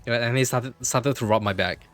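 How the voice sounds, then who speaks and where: A man livestreaming from his computer, telling a story in an animated way, repeating himself and swearing freely. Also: mid-range voice, normal speed, soft background music.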